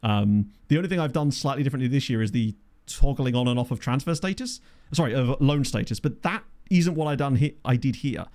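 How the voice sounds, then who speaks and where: A man giving casual gameplay commentary from a home desk microphone, chatty and thinking aloud, often breaking into excited exclamations. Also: mid-range voice, fairly quick. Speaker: game commentator.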